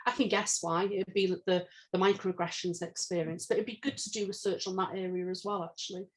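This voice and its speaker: A woman's voice: on the low side, fairly even intonation, a little fast. A woman author and senior lecturer being interviewed, speaking earnestly and thinking aloud, often correcting herself mid-sentence. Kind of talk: conversational interview.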